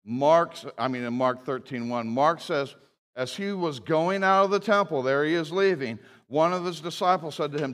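A male pastor with a fairly high voice preaching with emphatic build-ups, rhetorical questions and casual joking asides. His voice echoes through a large church hall with a long reverb tail. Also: normal speed, fairly bright tone. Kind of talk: sermon.

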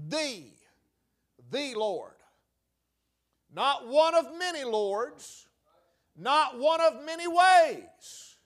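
Man, preacher, sermon, very high voice, slow, repetitive, emphatic. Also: a bit bright. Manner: repetitive, emphatic, drawn-out phrases, folksy.

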